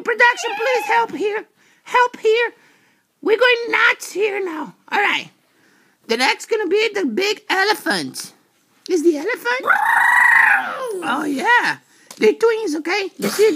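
Very high-voiced, excitable woman. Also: a little hiss or hum. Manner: excitable, rambling, bursts into shouts. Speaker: pretend reporter presenting a parade of animals. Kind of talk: playful home-video commentary.

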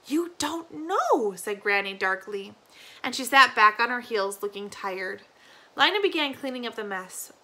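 A woman teacher reading a novel aloud to her class, steady, with small slips and restarts. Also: medium pitch, moderate pace.

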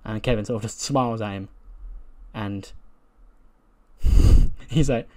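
A man's voice: on the low side, steady tone, measured pace, long pauses, warm tone. A man casually narrating his wrestling simulation playthrough, chatty, laughing at his own jokes and swearing now and then. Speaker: gaming commentator. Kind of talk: casual play-by-play of a wrestling sim game.

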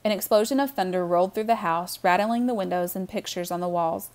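A woman reading a children's novel aloud with warm, expressive storytelling. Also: fairly low pitch, a little fast. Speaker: audiobook reader.

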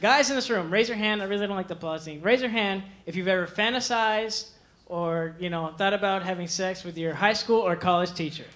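A young man doing a stand-up comedy set on a club stage, animated, slipping into quick voices for the people he quotes, with audience laughter behind him. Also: sits high. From Mexican heritage. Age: young adult. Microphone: handheld stage mic.

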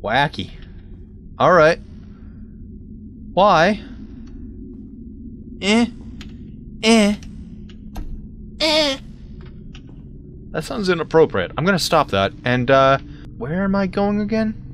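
A man's voice: a little high, very animated, a little slow, pauses often, a bit bright, slight background noise. A man hosting a let's play, rambling in casual gameplay commentary with self-mocking asides. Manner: rambling, self-mocking, lots of sudden yelps.

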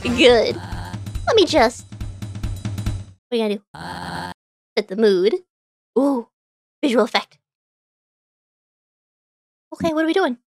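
A woman streaming a video game as a VTuber speaks slowly, leaving long pauses, in a high-leaning voice with lively intonation. She chats in a bubbly manner and reads in-game dialogue aloud in playful character voices. The recording is dry, with faint game music behind her.

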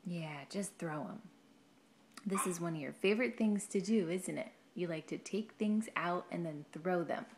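A woman's voice: fairly low pitch, normal speed, darkish tone, a little hiss or hum. A woman filming her baby at home, coaxing and praising him in a sing-song, encouraging voice. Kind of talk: home video baby talk.

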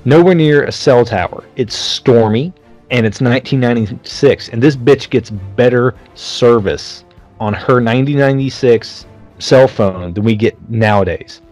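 A man's voice: mid-range voice, moderate pace, darkish tone, faint music behind. A man co-hosting a casual movie-review podcast, blunt, sarcastic and freely swearing. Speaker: podcast co-host.

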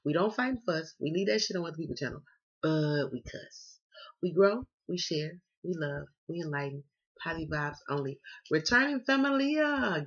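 A woman's voice: lowish voice, lively intonation, moderate pace, fairly bright tone, breathy edge. A woman with a Southern US accent, reading tarot in a casual, slangy, playful way and cussing freely. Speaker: tarot reader. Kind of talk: casual chat. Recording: dull lo-fi sound.

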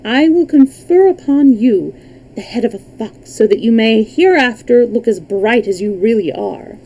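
A woman reading aloud, voicing a grand, flattering fox king in a storybook. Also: a little high, measured pace, breathy edge, heavily acted, low-quality recording.

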